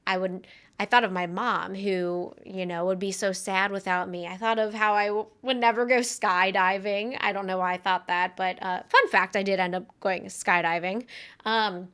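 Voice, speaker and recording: A woman's voice: mid-range voice, steady tone, moderate pace, a bit bright, clean tone. A young woman co-hosting a podcast, telling a personal story in an earnest, conversational way with frequent fillers. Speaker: podcast co-host.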